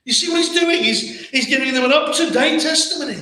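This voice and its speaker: A man's voice: extremely high pitch, fairly quick, hardly any pauses, pushed and bright. A man with an English accent preaching a sermon as pastor, earnest, with many rhetorical questions and repeated words. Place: church hall. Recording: very echoey church hall.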